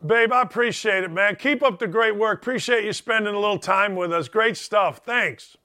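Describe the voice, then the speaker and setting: Bright, high-voiced male show host. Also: moderate pace. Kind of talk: casual interview.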